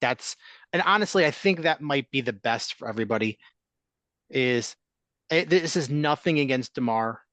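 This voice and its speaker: A man's voice: medium pitch, expressive, normal speed, fairly bright tone, no room sound. A man hosting a sports talk podcast, chatting casually and giving opinions in a rambling way with restarts. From Chicago area.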